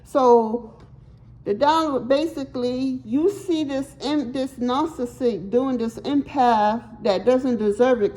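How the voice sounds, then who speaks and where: A woman's voice: on the high side, a little mellow, poor audio. A woman giving a casual tarot reading to her viewers, speaking bluntly and emphatically, swearing freely and repeating words as she searches for them. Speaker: tarot reader.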